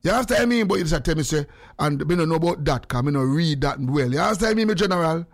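A Jamaican man chatting casually in patois to viewers on a phone live stream, swinging between a high voice and a low one. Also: lively intonation, quick pace.

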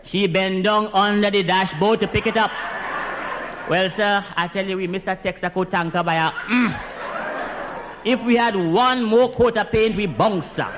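A man with a Trinidadian accent performs a comic monologue as one side of a phone call. He plays a driving instructor reporting to his boss, speaking in dialect with excited storytelling and adding "sir" after almost every phrase. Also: high voice, normal speed, noisy background.

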